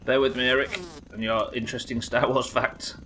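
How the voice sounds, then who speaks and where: A man from the UK streaming a survival game live, yelling at the game, swearing, and reading out chat messages. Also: medium pitch, brisk, background noise. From United Kingdom. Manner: excitable, swears a lot, yells at the game.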